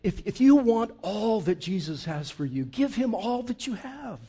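A man preaching a sermon with emphasis, who asks the congregation questions and moves between loud and hushed passages. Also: high-pitched, very animated, moderate pace, breathy edge. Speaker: pastor.

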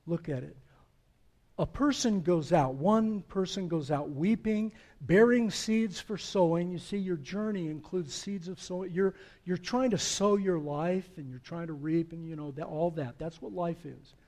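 A man's voice: on the high side, moderate pace, few pauses, a little mellow. A man preaching a sermon as pastor, earnest and building to emphatic swells.

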